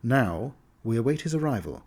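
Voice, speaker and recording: A man's voice: mid-range voice, big pitch swings, normal speed, darkish tone, breathy edge. A man voicing a taunting noblewoman villain. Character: scheming woman noble holding a captive prince.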